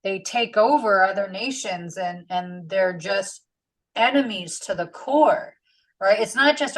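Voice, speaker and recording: A woman teaches a relaxed Bible study in a chatty, slangy way, sprinkling fillers as she explains. Her voice sits at an ordinary middle pitch for a woman. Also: unhurried, low-quality recording.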